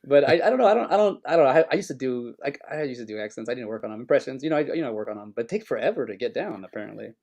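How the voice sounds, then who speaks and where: Rambling man with a gravelly voice. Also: mid-range voice, rapid-fire, few pauses. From United States. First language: Spanish, grew up bilingual. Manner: rambling, animated storyteller who breaks into silly accents. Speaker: podcast co-host. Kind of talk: casual chat.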